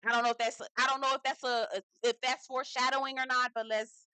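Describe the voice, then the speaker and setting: Sex: woman. Role: reality TV recap host. Style: casual commentary. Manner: sassy and slangy, talks straight to viewers. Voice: bright and forceful. Sound: dry. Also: high-pitched, level tone, fast talker, smooth, dry recording.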